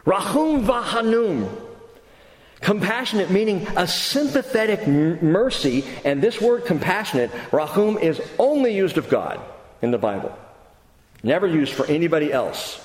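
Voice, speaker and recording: A man preaching a sermon as pastor, reading scripture slowly and building to emphatic, lively bursts. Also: sits high. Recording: roomy hall with long reverb.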